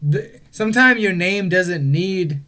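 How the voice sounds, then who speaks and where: A man's voice: high-pitched, lively intonation, measured pace, bright, forceful tone. A man in casual chat, telling laid-back stories with some swearing. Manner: laid-back storyteller, profane.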